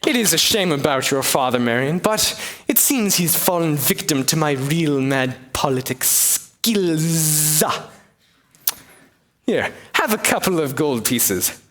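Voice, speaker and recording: A young man voicing a scheming, smug villainous prince in a low, mocking voice, in a comic one-man play. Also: expressive, slow, fairly bright tone. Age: young adult. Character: scheming sneering villainous prince, male adult.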